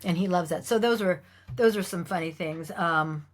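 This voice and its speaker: A middle-aged woman, an actress as guest, telling anecdotes in a lively way, acting out the lines she quotes and laughing often. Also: fairly low pitch, normal speed.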